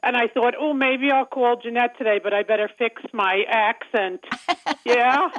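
A woman's voice: on the high side, steady tone, normal speed, dry recording. A woman with a thick Long Island accent, calling in to a radio show and chatting with frequent laughs. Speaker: caller. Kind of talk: casual phone call. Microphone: telephone. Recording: muffled phone line.

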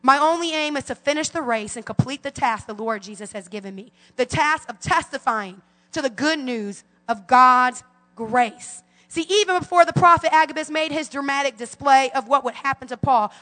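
A woman's voice: high-pitched, normal speed, bright, forceful tone, in a large hall. A woman in her forties preaching a fervent sermon as pastor, calling out to her congregation in a church sanctuary. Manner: fervent preaching with call-and-response.

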